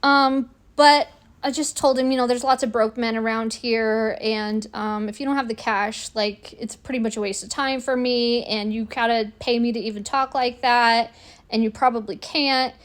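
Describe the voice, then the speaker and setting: A woman in her forties, speaking a little higher than most, tells a personal story to camera. She sounds indignant and animated and acts out the lines people said to her. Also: normal speed. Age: 40s. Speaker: vlogger. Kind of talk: casual storytelling monologue.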